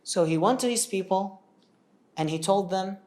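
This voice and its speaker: A man's voice: sits high, moderate pace, a little mellow. A man teaching a religious story in a casual, conversational way, often checking in with his listeners and going off on tangents.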